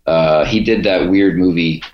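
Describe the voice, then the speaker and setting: His voice sits low and steady, unhurried as he spins laid-back, meandering stories full of restarts. He's a comedian and podcaster from Cleveland, United States, heard in a casual interview with a dull, echoey room tone.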